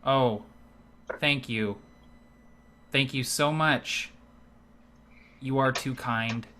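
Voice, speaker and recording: A shabby male dwarf bard who tells his tales in a flat, weightless monotone, with no lift in his words. A man acts him out as a game master. The voice is bright and forward. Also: mid-range voice, drawn-out words. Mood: droning. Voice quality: flat, no inflection, droning.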